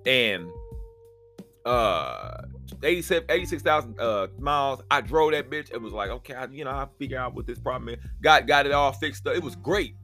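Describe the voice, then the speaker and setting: A man's voice: medium pitch, animated, normal speed, bright, forceful tone, faint music behind. A man hosting a solo podcast, telling a story in a profane, exasperated rant. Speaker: podcast host.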